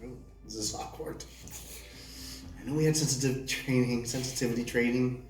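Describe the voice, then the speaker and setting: A man playing a tabletop game who jokes around in a deadpan way while in character. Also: medium pitch, moderate pace. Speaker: player. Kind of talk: tabletop role-play. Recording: roomy, distant mic, faint music.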